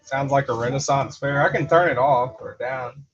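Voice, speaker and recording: A man's voice: mid-range voice, moderate pace. A man hosting a casual livestream, rambling with lots of fillers, laughing often and reading out viewer comments. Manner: rambling, with many fillers like "you know" and "uh"; laughs often between remarks. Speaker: livestream host. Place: garage. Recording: slightly dull livestream audio with faint background music.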